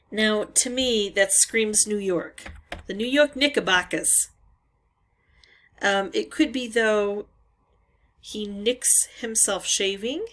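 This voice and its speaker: A woman hosting a word-game channel, musing aloud through a puzzle with hesitant pauses and frequent "um"s. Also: medium pitch, fairly bright tone. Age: adult parent. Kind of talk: thinking-aloud puzzle talkthrough.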